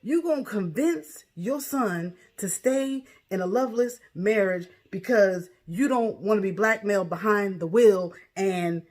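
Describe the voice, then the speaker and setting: A woman casually recapping a TV episode, outspoken and animated, breaking into loud exclamations. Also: medium pitch, unhurried, few pauses. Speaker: TV show recap vlogger.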